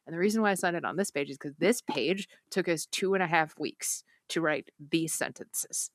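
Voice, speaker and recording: A young woman chats as a podcast guest, her low-set voice bright and forceful and her delivery animated, with lots of "like" and restarts and a few curses thrown in. The sound is dry and close, with no room around it. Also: dry recording. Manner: animated, swears freely, many fillers and restarts. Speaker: guest, author of a book. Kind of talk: casual podcast chat.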